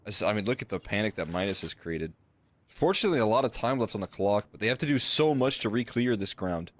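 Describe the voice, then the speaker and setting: Relaxed male esports analyst. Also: lowish voice, quick pace. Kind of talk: colour commentary.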